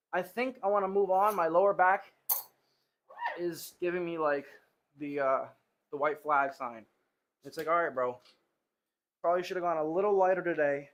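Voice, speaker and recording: A slightly high-voiced man talks casually to his viewers from a home gym. He sounds winded and worn out from heavy lifts, and he rambles and cracks jokes between sets. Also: a bit bright. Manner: joking, rambling, talks to chat. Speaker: livestreamer. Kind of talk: casual livestream chat between lifting sets.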